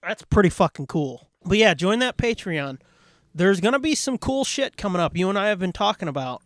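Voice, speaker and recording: A man's voice: high voice, big pitch swings, fairly quick, no echo. Podcast host, man; laid-back, profane, rambling plugs; dry close sound. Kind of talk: casual podcast outro with plugs.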